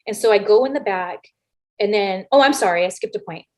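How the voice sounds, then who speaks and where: A woman, a former wrestler as an interview guest, telling casual anecdotes in an animated way, acting out the lines of people she quotes and swearing freely. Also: medium pitch, brisk. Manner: animated, acts out quoted lines with big voice shifts.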